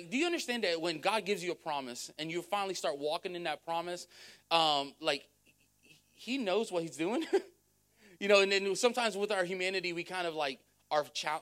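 A man's voice: high-pitched, fairly bright tone. A man preaching a sermon, a pastor who tells a story in a conversational way, repeating words and checking in with the crowd. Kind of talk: sermon with testimony.

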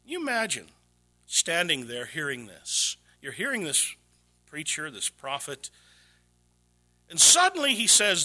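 In a church, a male pastor preaches dramatically in a high, very bright, forceful voice with huge pitch swings. Unhurried and pausing often, he drops to hushed near-whispers for emphasis and then climbs to loud, high-pitched exclamations.

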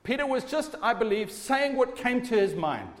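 A man's voice: extremely high pitch, big pitch swings, moderate pace. A man preaching a sermon, speaking with emphasis and asking his listeners rhetorical questions. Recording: long hall reverb.

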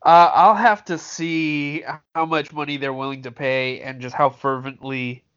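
A man co-hosts a casual podcast with dry, wry humor, often slipping into mock-formal phrasing. His voice sits a little high, and the sound is muffled and lo-fi. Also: fairly even intonation, measured pace, fairly bright tone, clean tone. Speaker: podcast co-host. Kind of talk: casual chat. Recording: dull lo-fi sound.

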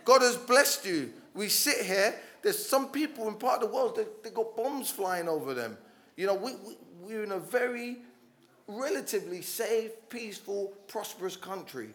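A man preaching a sermon, passionate and urging, who often restarts his words and swells to loud calls to his congregation. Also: high-pitched, animated, moderate pace. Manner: passionate, rising to loud exhortation with frequent restarts.

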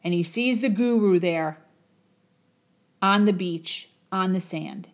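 Slow dramatic woman storyteller. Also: on the low side. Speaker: motivational speaker. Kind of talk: storytelling talk.

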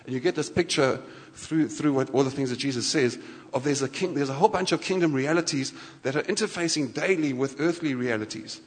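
A man preaching a sermon in a lively, conversational way, often restarting his sentences. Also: medium pitch, fairly quick. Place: church hall. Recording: church hall reverb.

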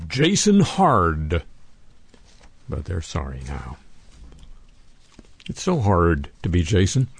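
A man's voice: on the low side, a little mellow, dry recording. Dry, wry man reading the news. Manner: dry, sardonic asides after reading news items. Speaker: radio show host.

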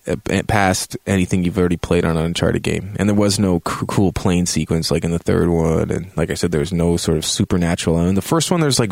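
Gravelly low-voiced man reviewing a game. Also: darkish tone, dry recording. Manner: profane, joking, acts out reactions in a high yelp. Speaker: game reviewer, show host. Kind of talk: casual profane game review monologue.

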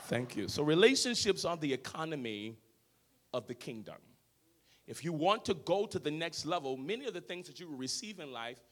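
A man preaching a sermon as pastor of a church, swinging from shouted lines to low, quiet talk. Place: church sanctuary.

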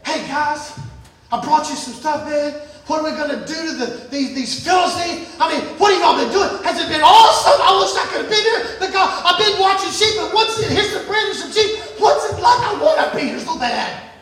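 A man voicing an eager young shepherd boy who chatters excitedly. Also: very high voice, moderate pace. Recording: echoey hall from far off.

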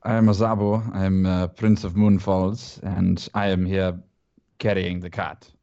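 A man's voice: low voice, level tone, measured pace, mellow, muffled recording. Man playing a earnest cat-folk prince.

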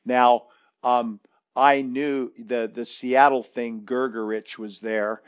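A man's voice: medium pitch, flat delivery, slow, clear, resonant tone, lo-fi sound. A man who coaches basketball, telling a long story in casual chat, rambling with many restarts and fillers.

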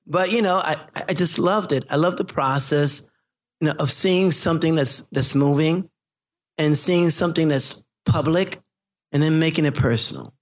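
A man's voice: on the high side, moderate pace. A middle-aged man, a photographer, telling stories in an interview and acting out the people he quotes, laughing often. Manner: animated, acts out quoted voices, laughs often. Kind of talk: interview storytelling.

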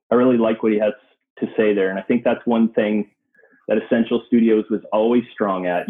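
A man with a lowish voice speaks as a podcast guest, enthusiastic and loose, filling his talk with "like". He comes through a thin, tinny, phone-like line. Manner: enthusiastic, says "like" often. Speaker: digital agency owner, guest. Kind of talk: casual business chat.

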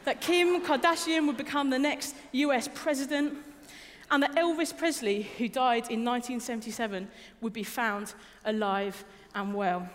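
A woman's voice: fairly high pitch, normal speed. Chatty woman preaching in a reverberant hall. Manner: chatty, self-deprecating humor. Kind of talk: sermon. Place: church hall.

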